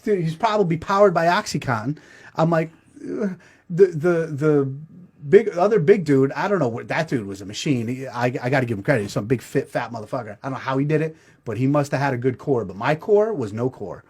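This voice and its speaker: A man's voice: mid-range voice, animated, fairly quick, darkish tone, husky. A middle-aged man telling a crude, self-mocking comedic story as the show's host.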